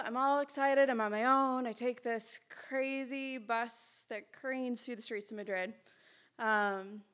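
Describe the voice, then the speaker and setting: Woman on stage spinning a funny travel yarn, kinda high voice, chatty and self-mocking. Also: fairly bright tone. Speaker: storyteller. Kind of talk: live personal storytelling. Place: small live event hall.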